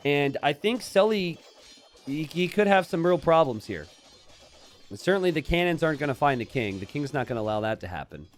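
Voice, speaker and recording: A man casting a strategy game, chatty and jokey, bursting into excited shouts and laughter. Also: a little high, fairly quick, faint music behind. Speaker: game caster. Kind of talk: live strategy game commentary.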